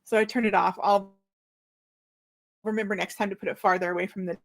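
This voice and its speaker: A woman in her forties, an author hosting her own book launch livestream, chatting casually in an excited, slightly flustered way. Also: mid-range voice, brisk.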